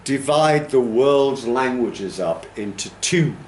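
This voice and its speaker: A man's voice: mid-range voice, lively intonation, takes it slowly, roomy sound, a little hiss or hum. A man teaching a training class, explaining pronunciation and demonstrating stress patterns aloud. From United Kingdom. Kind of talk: classroom lecture.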